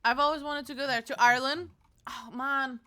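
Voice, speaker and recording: A woman's voice: high-pitched, steady tone, moderate pace, sharp tone. A woman from Portugal, chatting casually and teasing her viewers while streaming a game, swearing freely. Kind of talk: casual gaming stream chat.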